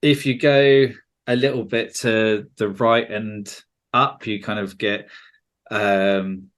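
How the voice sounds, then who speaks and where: A man's voice: on the low side, fairly even intonation, slow, fairly bright tone. A man with a southern English accent hosting a podcast, chatting casually and joking. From England. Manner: chatty, jokey, slips into mock regional accents. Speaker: podcast host.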